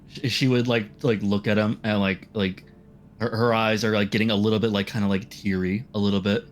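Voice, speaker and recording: A male player in a tabletop game speaks haltingly, searching for his words with many fillers. His voice sits somewhat low. Faint music plays in the background. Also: level tone. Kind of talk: tabletop role-play.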